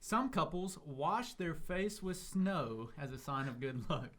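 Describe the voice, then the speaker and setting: A man's voice: fairly high pitch, expressive, a little slow, a bit bright. A man hosting a casual podcast chat, joking and laughing often. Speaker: podcast host.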